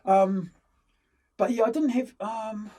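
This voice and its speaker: A man's voice: high voice, fairly even intonation, slow, warm tone. A middle-aged man, a guest chatting in an interview and telling rambling stories full of fillers and restarts. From New Zealand. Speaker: actor and film-maker guest. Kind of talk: casual interview chat, storytelling.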